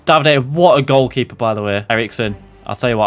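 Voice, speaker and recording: A young man commentating on a football video game he is playing, jumping between loud outbursts and low muttered asides. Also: fairly quick, few pauses, over loud music. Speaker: gaming commentator.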